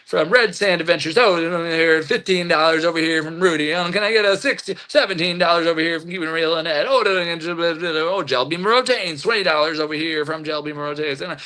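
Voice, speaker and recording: A man doing a playful auctioneer voice, rattling off bids and numbers in a quick patter. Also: fairly high pitch, pushed and bright, pitched above the performer's own voice. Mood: calling bids. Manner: rapid number-calling patter. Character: fast-talking male auctioneer calling bids.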